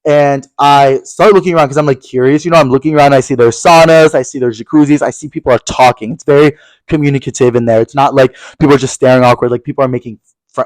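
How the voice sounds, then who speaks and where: Fast-talking animated young man. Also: mid-range voice, no echo, rough recording. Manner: animated, gossipy, profane, jumps into quoted voices. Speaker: podcast co-host. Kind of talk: casual storytelling chat. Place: podcast studio.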